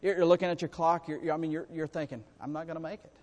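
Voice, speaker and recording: High-pitched preacher in a reverberant hall. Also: male voice, very fast. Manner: folksy, animated preaching with calls to the congregation. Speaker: pastor. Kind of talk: sermon. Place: church sanctuary. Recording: long reverb in a church hall.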